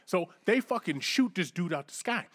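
Podcast co-host, man, rambling and profane, higher-pitched voice. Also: animated, normal speed. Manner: does mocking voices when quoting. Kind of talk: casual chat.

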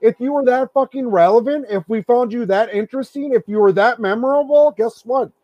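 A man's voice: very high voice, brisk, dry recording, lo-fi sound. A man co-hosting a podcast, ranting angrily with lots of swearing and mocking impressions. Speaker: podcast co-host. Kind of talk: profane ranting podcast chat.

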